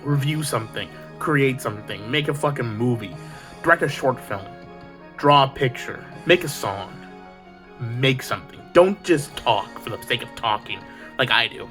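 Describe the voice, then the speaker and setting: A man's voice: medium pitch, expressive, moderate pace, pushed and bright, soft background music. Swearing man on a heated rant. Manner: heated, preachy, swears constantly. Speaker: video creator. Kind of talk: profane ranting monologue.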